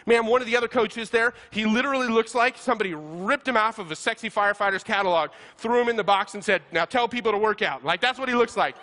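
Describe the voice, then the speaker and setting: Male pastor, bright and forceful tone, animated comic sermon storyteller. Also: sits high, fast talker, hardly any pauses. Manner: animated, self-deprecating, laughs while talking.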